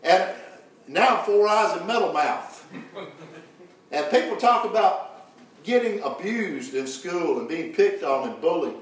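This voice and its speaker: A man preaching a sermon, folksy and lively, swinging from hushed to loud. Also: high voice, unhurried. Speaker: pastor. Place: church sanctuary. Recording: very echoey, from far off.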